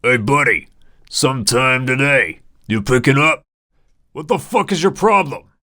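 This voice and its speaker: A man voicing a stumpy, pot-bellied male waiter who yells rudely in an ill-fitting put-on accent. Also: mid-range voice, lively intonation, unhurried, dry recording, studio quality, pitched above the performer's own voice. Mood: angry shouting. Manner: yelling, abusive.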